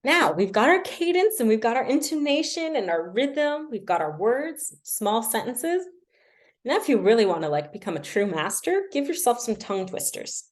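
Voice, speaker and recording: A woman's voice: on the high side, big pitch swings, moderate pace. A young adult woman casually teaching language learning on a livestream, chatty and self-deprecating, with lots of fillers.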